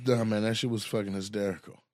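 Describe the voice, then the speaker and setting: A man hosting a casual podcast chat, telling stories in a loose, profane, animated way. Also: lowish voice, quick pace, no room sound, studio quality. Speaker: podcast host.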